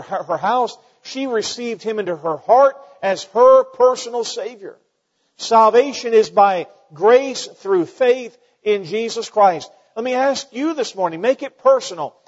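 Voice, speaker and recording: A man preaching a sermon as pastor, earnest and halting, with many fillers and restarts. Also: high-pitched. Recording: dull sound with long hall reverb.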